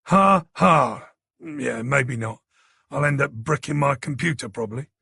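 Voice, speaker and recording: Man voicing laid-back middle-aged guy, bemused, husky, dry close audio. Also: medium pitch, a little slow, pushed and bright, no room sound, full character voice.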